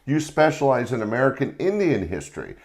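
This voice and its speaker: A man's voice: mid-range voice, wildly swooping pitch, brisk. A man in his sixties hosting a podcast, introducing comedy clips in an upbeat, showman-like way with casual chat. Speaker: podcast host.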